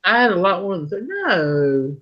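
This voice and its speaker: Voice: mid-range voice, sing-song, normal speed. A host chatting casually and playfully, reading out viewer comments. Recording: dull lo-fi sound.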